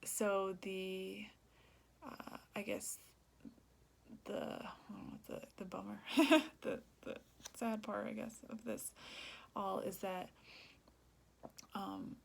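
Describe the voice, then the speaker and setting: A woman's voice: medium pitch, fairly even intonation, slow pace, gravelly, long pauses. A young woman talking earnestly in a personal vlog, rambling, laughing often and dropping to a whisper. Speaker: vlogger.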